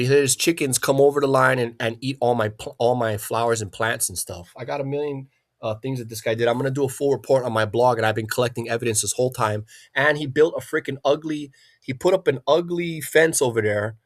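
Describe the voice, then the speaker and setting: A man hosting a livestream, ranting in an agitated, profane way and often repeating himself. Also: medium pitch. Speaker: livestream host. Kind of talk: angry livestream rant.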